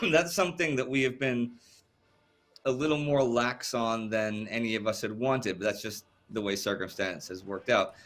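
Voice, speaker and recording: A man's voice: mid-range voice, a little slow, a bit bright. A man hosting a casual livestream chat, rambling and repeating words as he thinks, with a cough that keeps catching him. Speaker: livestream host.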